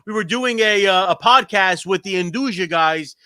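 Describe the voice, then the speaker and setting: A man hosting an interview, asking halting questions with many restarts and repeated words. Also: high voice, bright, forceful tone, dry recording, studio quality. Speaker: host. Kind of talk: casual interview chat.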